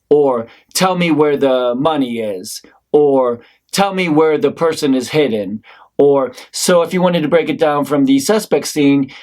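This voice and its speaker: A male acting instructor giving a talk on scene breakdown in a casual, conversational way, now and then acting out short lines himself. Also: on the high side. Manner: conversational, demonstrates lines in character. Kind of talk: acting class lecture.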